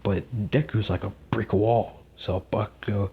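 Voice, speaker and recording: A man's voice: fairly low pitch, fairly even intonation, measured pace, husky. A young man telling a fan-fiction story casually, rambling with lots of fillers, in a dull lo-fi recording.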